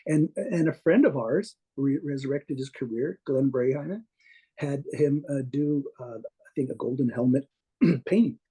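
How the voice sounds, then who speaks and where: Husky, mellow man telling rambling stories. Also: mid-range voice, normal speed. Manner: rambling anecdotes with restarts and chuckles. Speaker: guest comic artist. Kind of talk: casual interview storytelling.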